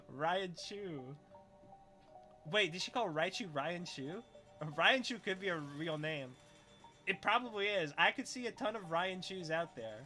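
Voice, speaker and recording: A man's voice: high voice, animated, unhurried, sharp tone, faint music behind. A young man chatting casually on a livestream, reading chat, swearing freely and laughing often as he rambles.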